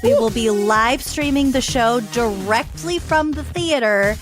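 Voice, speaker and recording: A woman in her thirties co-hosting a podcast, giggly and animated in casual chat. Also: a little high, measured pace, music in the background. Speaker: podcast co-host.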